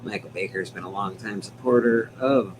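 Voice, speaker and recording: A man's voice: fairly low pitch, a little fast, background noise. A man hosting a casual livestream chat from home, rambling, laughing often and swearing now and then. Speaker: livestream host.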